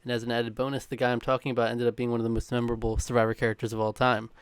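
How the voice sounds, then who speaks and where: A man reads a countdown script at a quick clip, now and then breaking into a chuckle. His voice is smooth and crisp, and the recording is dry and close, with no room sound. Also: mid-range voice, flat delivery, no room sound. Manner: brisk, chuckling between lines. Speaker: co-host reading a countdown. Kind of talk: scripted read with casual chat.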